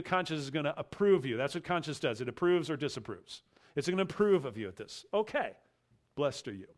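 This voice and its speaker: Emphatic preacher, a man. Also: on the high side. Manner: emphatic, repeats key phrases, slows for stress. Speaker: pastor. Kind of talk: expository sermon.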